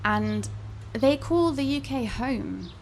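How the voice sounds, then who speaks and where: A woman's voice: fairly high pitch, lively intonation, slow pace, gravelly, slight background noise. A young woman author chatting candidly at a bookshop event, telling wry stories about her travels. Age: young adult. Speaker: author guest.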